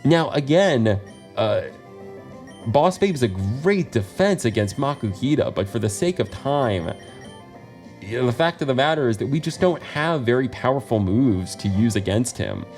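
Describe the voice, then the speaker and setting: An American man gives casual commentary as he plays through a video game. He is chatty and quick to laugh at himself, with a voice at an ordinary middle pitch. Soft game music runs behind him. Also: lively intonation. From United States. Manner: chatty, laughs often, self-deprecating asides. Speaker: let's play host.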